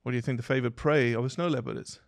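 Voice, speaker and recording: A man's voice: medium pitch, rapid-fire, creaky, no echo, clean studio sound. A man, a biologist guest on a podcast, telling stories and quizzing his hosts. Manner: animated explainer, poses questions to listeners. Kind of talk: podcast interview storytelling.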